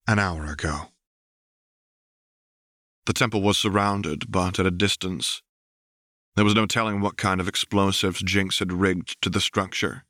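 A man reading a story aloud in a steady, measured narration. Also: deep voice, dry recording, studio quality. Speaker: audiobook reader.

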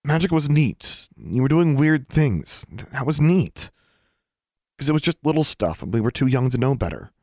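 A man voicing a scared, angry eleven-year-old boy in an audiobook, straining high when he shouts. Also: sing-song, moderate pace, no echo, studio quality. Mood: grave.

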